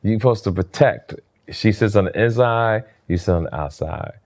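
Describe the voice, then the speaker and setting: A man from New Jersey telling stories in a casual interview, his voice jumping up high when he acts out what people said. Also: moderate pace. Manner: animated storyteller, voice jumps high for quoted lines. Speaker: interview guest, comedian.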